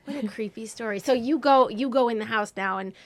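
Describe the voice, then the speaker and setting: A woman interviewing a guest, reacting with quick exclamations and asking follow-up questions. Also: on the high side, no room sound. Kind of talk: casual interview.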